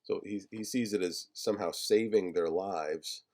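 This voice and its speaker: Man, teacher, lecture, low voice, mellow, halting, many fillers. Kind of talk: lecture discussing a film screenplay.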